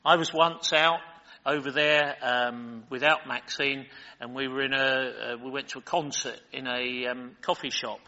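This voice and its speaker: An older British preacher with a medium-pitched, steady voice reads scripture a little slowly, then digresses into chat full of fillers. His pushed, bright sound trails long reverb on a muffled lo-fi recording.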